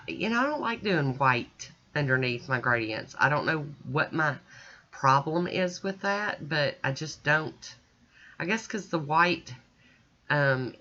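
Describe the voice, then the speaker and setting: A woman's voice: sits low, bright, forceful tone. A woman chatting casually as she narrates a nail art tutorial voice-over, folksy and self-deprecating. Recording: slightly dull lo-fi audio.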